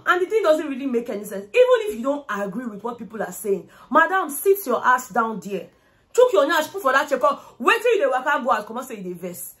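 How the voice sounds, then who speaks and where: A young woman with a Nigerian accent giving an animated, casual recap of a reality show. She switches freely between English and Pidgin and acts out what people said. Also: sits high. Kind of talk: casual commentary.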